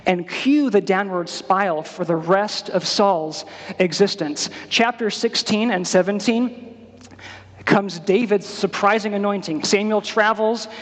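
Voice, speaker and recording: High-voiced pastor in a reverberant hall. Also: male voice. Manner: storytelling, with casual slangy asides and quick acted quotes. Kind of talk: sermon. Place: church.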